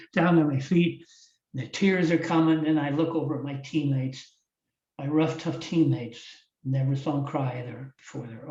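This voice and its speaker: A man's voice: mid-range voice, darkish tone. An older man from Iowa, a former wrestling champion, telling a heartfelt story in a podcast interview, with frequent restarts. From Iowa, USA. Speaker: guest, former wrestling champion and motivational speaker. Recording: roomy, distant, slightly dull audio.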